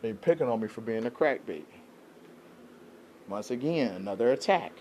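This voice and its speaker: In an unscripted vlog, a man speaks directly to the camera with a mid-range, dark-toned, expressive voice at normal speed over slight background noise. He rambles and vents with a sense of grievance, often asking his listeners "you know what I'm saying".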